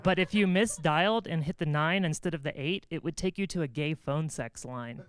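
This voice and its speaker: A woman's voice: low voice, moderate pace, slight background noise. A woman comedian performing a stand-up set, telling stories casually with frequent filler words. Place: stage at a comedy venue.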